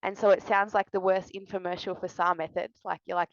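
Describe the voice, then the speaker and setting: A woman's voice: medium pitch, fairly even intonation, brisk, no room sound. A young adult woman, a somatic healing coach, sharing candidly and earnestly to camera from indoors. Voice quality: soft, earnest, confessional. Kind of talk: candid personal share to camera. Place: indoors with a fan running. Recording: dull lo-fi, dry sound.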